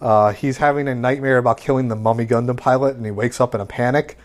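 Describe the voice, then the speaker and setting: A man's voice: mid-range voice, fairly even intonation, quick pace. A man with an ordinary mid-range voice talks through an episode recap in a loose, rambling way. He leans on fillers and restarts as he goes. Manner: rambling, filler-heavy summarizing. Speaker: podcast co-host recapping an anime. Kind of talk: casual recap chat.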